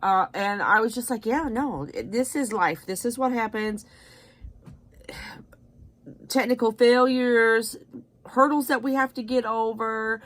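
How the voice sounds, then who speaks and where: Slightly high and fairly bright, this woman's voice moves a little slowly, with long pauses. She chats her way through a casual tie dye session, rambling and leaning on fillers, over faint background noise.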